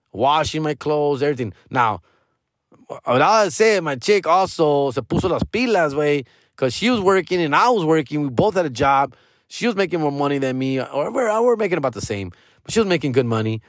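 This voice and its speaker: A man's voice: on the high side, no room sound, clean studio sound. A man, telling stories casually, profane and slangy, dropping Spanish words. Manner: profane, slangy, code-switching into Spanish, animated quoting. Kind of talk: casual storytelling.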